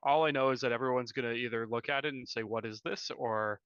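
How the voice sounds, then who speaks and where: Bright, crisp-voiced man chatting casually. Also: mid-range voice, quick pace, no room sound, muffled recording. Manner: rambling, filler-heavy, self-correcting. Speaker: podcast co-host. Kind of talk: casual live-stream chat.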